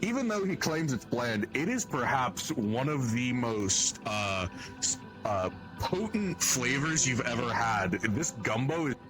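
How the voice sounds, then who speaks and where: A man's voice: medium pitch, very animated, a little slow. A man in casual in-character role-play talk, rambling with many fillers and restarts. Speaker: tabletop role-play player. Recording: music playing behind.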